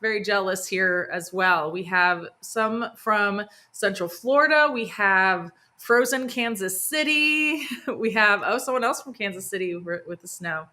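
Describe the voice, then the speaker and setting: A woman hosts a live gardening stream from home, talking in an eager, chatty way full of little fillers and laughter. Her voice is bright and forward. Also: medium pitch, unhurried. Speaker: gardening host. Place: home near a sunroom.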